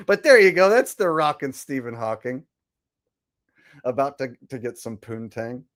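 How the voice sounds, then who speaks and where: A man's voice: mid-range voice, big pitch swings, normal speed. A man hosting a casual livestream, rambling and swearing as he comments and reads chat. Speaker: livestream host.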